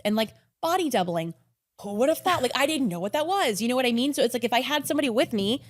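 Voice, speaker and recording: A woman in her thirties, a podcast guest, telling stories in a rapid, animated, casual way full of "like"s. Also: a little high, dry recording, studio quality. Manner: rapid, animated, filler-heavy with many "like"s. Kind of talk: casual conversational storytelling.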